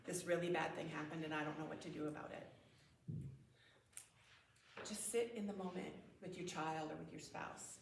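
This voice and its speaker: A woman's voice: deep voice, steady tone, moderate pace, gravelly, pauses often, a little hiss or hum. A woman giving a talk at a parenting conference, conversational, often acting out example phrases and laughing. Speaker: conference speaker. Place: church hall. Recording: echoey room, mic at a distance.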